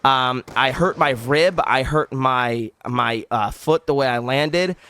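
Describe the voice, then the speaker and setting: A young man casually telling a story on his vlog, animated and rambling, with many likes and restarts. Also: mid-range voice, slow, smooth, dry recording. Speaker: vlogger.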